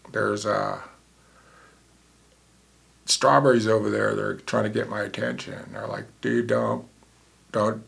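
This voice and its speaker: A man's voice: fairly low pitch, creaky, fairly bright tone. A man in his sixties, a former paramedic, telling a vivid story in a casual way and acting out the dialogue.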